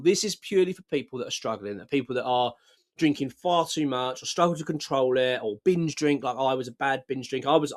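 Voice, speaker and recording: A middle-aged man, talking frankly and earnestly to camera, often stumbling and repeating himself. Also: mid-range voice. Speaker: vlogger. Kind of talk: casual talk to camera.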